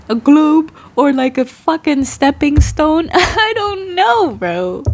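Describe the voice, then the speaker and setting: Slow, rambling woman. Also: high voice, darkish tone. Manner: laughs often, swears casually, drifts between thoughts. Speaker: tarot reader. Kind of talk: rambling casual chat to camera.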